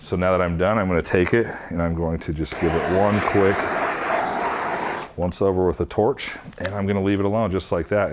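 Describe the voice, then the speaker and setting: A man with a very low voice talks through a hands-on craft demonstration at an easy pace. He explains each step plainly as he works. Faint noise sits behind his voice. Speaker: epoxy craft instructor.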